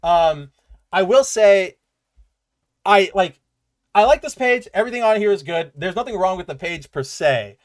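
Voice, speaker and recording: A man's voice: sits high, lively intonation, normal speed. A man co-hosting a podcast, chatting casually and animatedly about comic books with loose asides and fillers. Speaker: podcast co-host. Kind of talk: casual comic book review chat.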